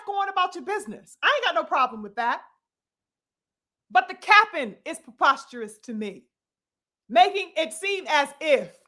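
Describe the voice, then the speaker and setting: High, bright, fiery woman boxing commentator. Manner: emphatic, profane, preacher-like addresses to the audience. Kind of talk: opinionated commentary vlog.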